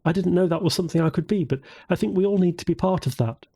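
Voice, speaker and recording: Man raising his pitch for an earnest young woman, firm, frank, mellow, a little husky, storybook audiobook. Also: fast.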